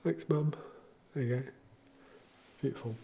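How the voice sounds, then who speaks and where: A man with a mid-pitched voice talks through his baking tools in a home kitchen. He is chatty and jokey, and he demonstrates each item with easy enthusiasm. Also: unhurried, gravelly, background noise. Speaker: home baker showing equipment. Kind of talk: casual product demonstration.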